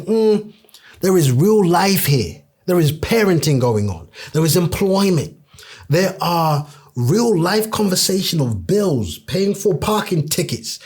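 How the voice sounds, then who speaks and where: A man's voice: sits high, a little mellow, slightly rough. A young man hosting a podcast, talking in an earnest, conversational way and acting out what his friends said. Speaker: podcast host. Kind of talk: casual podcast monologue.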